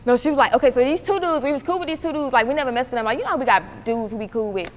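A young woman rapper from North Carolina, telling stories in an animated way, acting out quotes and laughing often. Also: sits high, racing. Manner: animated storytelling, acts out quotes, laughs a lot. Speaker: rapper, interview guest. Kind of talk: casual interview chat. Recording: roomy hall with faint noise.

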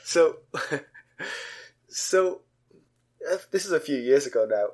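A middle-aged man co-hosting a podcast, with a lively voice that swoops widely in pitch. He tells funny stories with bursts of laughter and sudden high-pitched yelps. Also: takes it slowly. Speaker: podcast co-host. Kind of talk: casual chat and animated storytelling.

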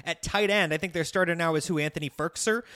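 A man's voice: a little high, fast, pushed and bright. A man co-hosting a casual sports podcast, talking in a chatty way, laughing often and trailing off into fillers. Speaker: podcast co-host.

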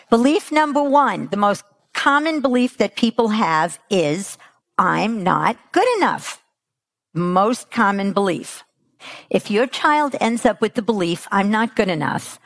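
A middle-aged woman gives a parenting talk in an unhurried, deliberate way. Her pitch swings widely as she acts out little quotes. Her voice carries a gravelly edge and sounds dry, close to the mic. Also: dry recording. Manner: animated, acts out quotes with big pitch jumps. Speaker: parenting coach speaker. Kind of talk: motivational talk to an audience.

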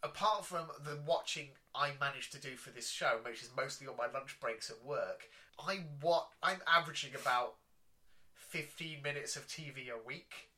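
A young man co-hosting a casual podcast chat, animated and laughing often, swearing freely. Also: medium pitch, normal speed. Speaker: podcast co-host.

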